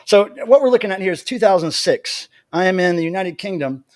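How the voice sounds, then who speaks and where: An American man hosting a livestream from home, telling a story in an animated, chatty way. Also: high voice, fairly quick, dry recording. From United States. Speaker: livestream host.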